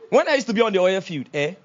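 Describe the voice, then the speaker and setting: A man preaching from the pulpit in a high, ringing voice. He leads the congregation in call and response and often rises to loud exclamations. The recording sounds dull and lo-fi. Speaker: pastor. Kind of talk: sermon.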